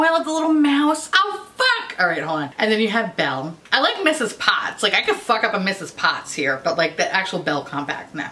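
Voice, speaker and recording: Woman doing a sweary makeup review vlog, bright voice bouncing all over. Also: fairly low pitch, a little hiss or hum. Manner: profane, animated and bubbly. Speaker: beauty vlogger. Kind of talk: casual makeup review chat.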